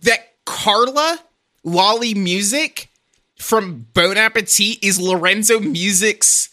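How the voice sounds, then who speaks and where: A podcast co-host in casual chat who gets excited, shares odd facts and swears freely. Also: mid-range voice, slow.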